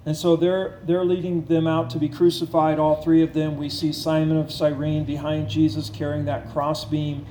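Male pastor, slightly high voice, earnest building sermon delivery, echoey room sound. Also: flat delivery, dark tone, slight background noise. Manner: earnest, repetitive preaching with slowed emphasis and rising intensity.

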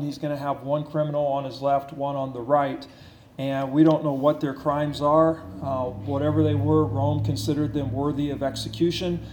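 Guy preaching, kinda high voice, earnest, repeats stuff, slows down to hit points, roomy echo. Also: dark tone, slight background noise. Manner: earnest, repetitive preaching with slowed emphasis and rising intensity. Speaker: pastor. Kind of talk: sermon.

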